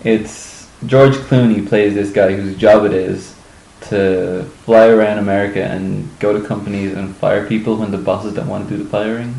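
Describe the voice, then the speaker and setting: A man's voice: on the low side, steady tone, moderate pace, gravelly, mellow, reverberant, poor audio. A man co-hosting a podcast in casual chat, teasing his co-host and telling ranting stories with wry humour. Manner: wry, teasing, storytelling rants.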